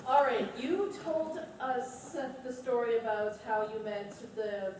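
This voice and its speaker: A woman in the audience asking a question at a fan panel, halting and searching for words. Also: fairly high pitch, expressive, a little mellow, slight background noise. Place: convention panel hall. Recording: echoey hall, far from the mic.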